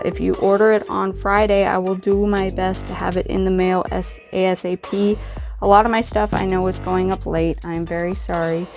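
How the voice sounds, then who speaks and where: A woman with a fairly low, slightly mellow voice hosts a crafting channel, narrating a casual tutorial. She's chatty and self-deprecating, thinking aloud as she works.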